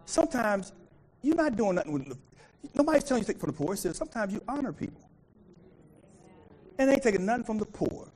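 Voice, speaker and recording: In a low-quality recording, a man with a very high voice preaches at a moderate pace with long pauses. He is a pastor giving an animated call-and-response sermon and keeps inviting the congregation to fill in his words.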